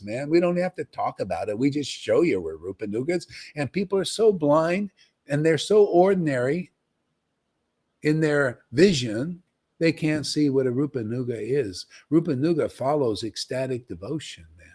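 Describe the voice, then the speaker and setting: A man preaching on a livestream in an emphatic, animated way, often tossing in "man.". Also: a little high, normal speed, slightly rough. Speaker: spiritual teacher.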